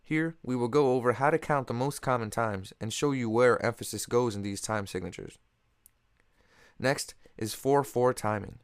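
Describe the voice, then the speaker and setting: A man narrating a scripted music theory lesson, explaining in a steady, measured way and counting beats aloud. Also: mid-range voice, smooth, no room sound, clean studio sound. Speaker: music teacher.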